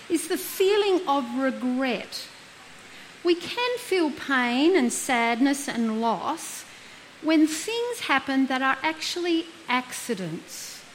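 A middle-aged woman speaks as a counsellor, with a fairly high voice. She talks earnestly, asking her listeners questions and walking them through everyday examples. A faint hiss sits under her voice. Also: rough recording. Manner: earnest, uses rhetorical questions and acted examples. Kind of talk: reflective talk on guilt.

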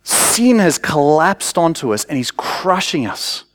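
A man's voice: fairly high pitch, big pitch swings, unhurried, no echo. Male preacher, chatty sermon delivery, dry close sound. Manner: conversational storytelling, rising to loud urgent cries.

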